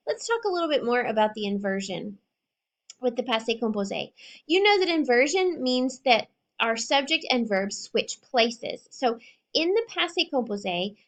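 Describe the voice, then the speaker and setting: A woman teaching a French grammar lesson, speaking clearly and carefully and repeating each example sentence slowly. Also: a little high. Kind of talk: recorded classroom lesson.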